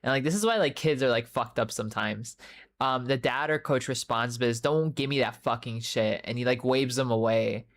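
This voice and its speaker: Here a young streamer talks at medium pitch and a slightly quick clip, his tone on the bright side. It's laid-back live-stream banter, profane and full of filler words, and he keeps breaking off his stories to reply to chatters by name.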